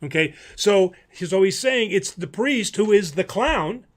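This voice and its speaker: A priest with a fairly high voice explains things on a livestream in a loose, rambling way. He fills pauses with ums, restarts his sentences and laughs easily. He keeps a casual, teaching tone. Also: lively intonation. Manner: chatty, laughs easily, many fillers and restarts.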